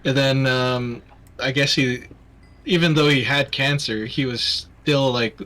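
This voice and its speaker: A young Canadian man with a mostly Americanized accent and a bright, forward tone. He chats casually on a livestream, rambling through his thoughts with many fillers and restarts, and he sits at middling pitch for a man. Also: fairly even intonation, unhurried. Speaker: livestream host. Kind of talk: casual chat.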